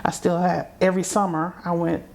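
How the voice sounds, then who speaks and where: A middle-aged woman from South Carolina speaks fairly quickly in a fairly low, gravelly, slightly mellow voice with a flat delivery, against slight background noise. A guest telling her story conversationally, she vividly acts out the voices she remembers.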